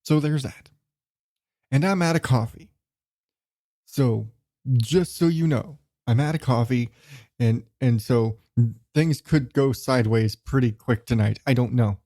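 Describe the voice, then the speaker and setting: A man's voice: medium pitch, measured pace, long pauses, dark tone. A man hosting his own podcast alone, rambling casually, swearing freely and chuckling between thoughts. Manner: rambling, profane, chuckling often. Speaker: podcast host. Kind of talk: solo casual podcast monologue.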